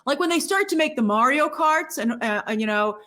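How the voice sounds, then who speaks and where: A woman reviewing a film with snarky, expressive commentary. Her high voice swings widely in pitch and has a bright, sharp edge. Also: a little fast. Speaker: film critic.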